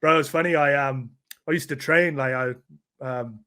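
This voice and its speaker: A man's voice: mid-range voice, normal speed, pushed and bright. A man talking as a podcast guest in casual chat, full of "bro" and "like". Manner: slangy, fills lines with "bro" and "like".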